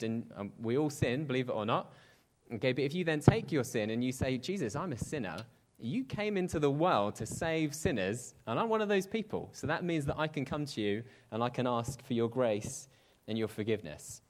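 A man preaching a sermon in a conversational way, with self-deprecating asides and quoted voices acted out at shifting pace. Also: medium pitch.

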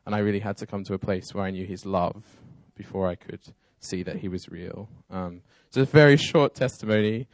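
A man with a very deep voice tells his personal testimony earnestly, like a story. The sound is dry and close, with little room echo. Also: fairly quick, hardly any pauses.

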